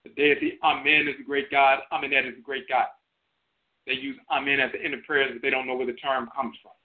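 A man lectures on a talk radio show. He speaks in an emphatic, teaching manner and drives points home through repetition. His mid-pitched voice comes through a thin, phone-like line. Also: level tone, a little fast. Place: internet radio broadcast by phone. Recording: tinny phone-line audio.

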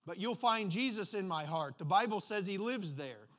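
A man's voice: high-pitched, animated, moderate pace, a bit bright, pitched above the performer's own voice. A man voicing an earnest, faithful sick boy in a sermon story.

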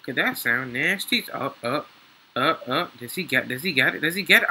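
A young man, excitedly commentating his gameplay, slangy and swearing freely. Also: on the high side, normal speed, breathy edge, poor audio. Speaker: gaming YouTuber.

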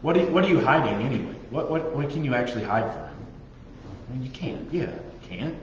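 A man preaching to a youth group, joking and animated, mimicking people's prayers. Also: mid-range voice, brisk, a little hiss or hum. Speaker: youth pastor. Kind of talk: sermon. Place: youth group meeting room. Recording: echoey dull room recording.

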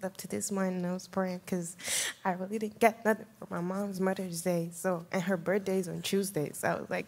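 A woman in a church congregation, sharing a short testimony in a soft, hesitant way. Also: fairly low pitch, little pitch movement, brisk. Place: church sanctuary.

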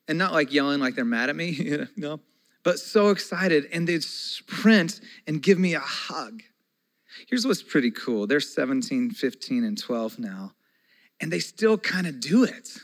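A man in his forties preaching a sermon as pastor, earnest and conversational, with folksy asides. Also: medium pitch.

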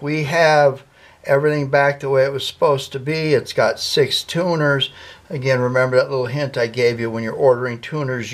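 A man talks his viewers through guitar work in his shop, folksy and full of jokes. His voice sits at an ordinary middle pitch for a man. A faint hiss of noise runs under the recording. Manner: folksy and joking, talks to viewers while working. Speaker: guitar builder, channel host. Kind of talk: workshop how-to vlog. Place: workshop.

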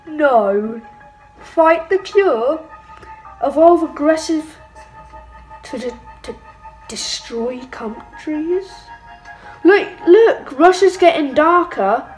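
A young woman giving excitable, playful let's-play commentary with mock-evil asides. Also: sits high, poor audio. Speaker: gaming channel host. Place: home room.

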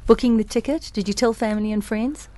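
A woman hosts the interview with a mellow, warm tone. She keeps her questions brief and prompting, nudging her guest along. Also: a little high, steady tone, fast. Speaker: interviewer, host.

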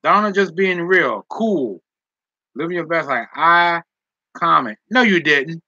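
Man, live-stream chat, teasing and joking, bright forceful voice, slightly high, dull dry lo-fi sound. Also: animated, unhurried, no echo. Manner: teasing, joking, laughs often.

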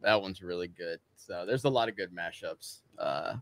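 A man speaking as a podcast guest in casual chat, enthusiastic and quick to laugh. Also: sits low.

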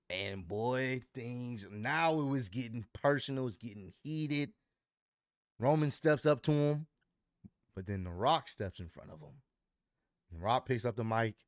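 High-voiced man recapping with slangy excitement. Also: a little slow, no echo, studio quality. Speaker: wrestling commentary vlogger. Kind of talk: casual recap vlog.

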